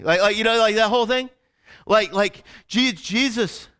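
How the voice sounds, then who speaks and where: A male pastor giving a sermon in a casual, animated storytelling way, with lots of fillers and restarts. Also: sits high, fairly quick, clear, resonant tone.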